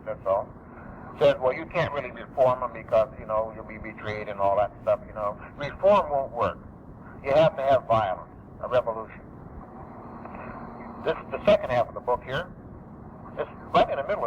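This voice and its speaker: A man giving an emphatic public speech, driving points home by repeating key phrases, heard on an old archival recording. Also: mid-range voice. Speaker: public speaker. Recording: dull lo-fi archival tape with faint noise.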